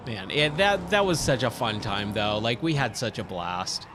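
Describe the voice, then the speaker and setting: A man's voice: mid-range voice, lively intonation, normal speed, hardly any pauses, music in the background. A man in his thirties, a gaming streamer, casually telling a rambling story full of fillers and self-corrections. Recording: loud racing game sounds underneath.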